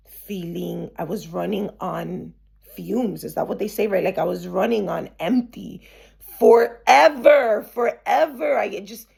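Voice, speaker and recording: A woman's voice: mid-range voice, gravelly, darkish tone, slightly rough. A woman hosting a podcast, telling her own story candidly in a chatty way, full of "like" fillers and restarts. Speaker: podcast host.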